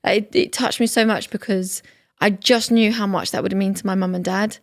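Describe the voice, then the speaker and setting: A woman's voice: medium pitch, steady tone, brisk, dry recording, studio quality. A woman co-hosting a podcast, chatting and agreeing often with "yeah". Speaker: podcast co-host. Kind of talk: casual chat. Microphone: studio podcast mic.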